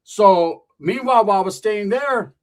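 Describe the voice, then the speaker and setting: A man's voice: high voice, normal speed. A middle-aged man telling a comic story in a swaggering, slangy, profane way. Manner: swaggering, slangy, swears constantly. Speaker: stand-up comedian.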